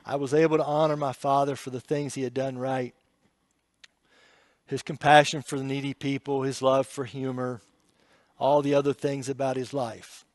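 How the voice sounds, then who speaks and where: A man preaching a sermon, telling an emotional story and shifting between hushed passages and loud, pleading ones. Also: medium pitch, level tone, normal speed, no echo.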